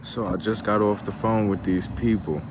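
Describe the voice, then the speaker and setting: Deep-voiced man venting outdoors on a phone. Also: fairly even intonation, normal speed, background noise. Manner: profane, rambling, talks through frustration and laughs at it. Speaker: show host. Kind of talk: casual travel vlog monologue.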